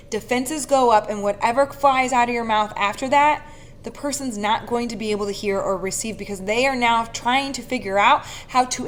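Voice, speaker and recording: A woman giving an earnest, casual coaching talk to camera, speaking in an animated way that breaks into quick laughs now and then. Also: on the high side, a little hiss or hum. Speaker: speaker and leadership facilitator.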